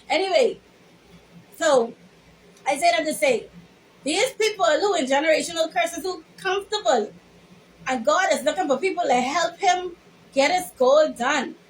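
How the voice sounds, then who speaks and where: Bahamian woman, very high voice, emphatic preachy vlog talk, faint background hiss. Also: rough recording. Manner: emphatic, sermon-like, drawls words. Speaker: vlogger. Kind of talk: preachy storytelling monologue.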